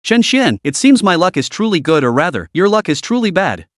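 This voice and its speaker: A man's voice: high voice, sing-song, a little fast, no echo, clean studio sound. A man voicing an arrogant, boastful young contender who taunts his rival.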